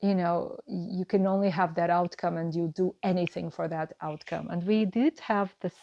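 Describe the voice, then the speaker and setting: A woman's voice: lowish voice, fairly even intonation, normal speed, gravelly, warm tone, lo-fi sound. A woman giving an earnest, reassuring tarot reading to camera, musing and repeating her phrases as she goes. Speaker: tarot card reader.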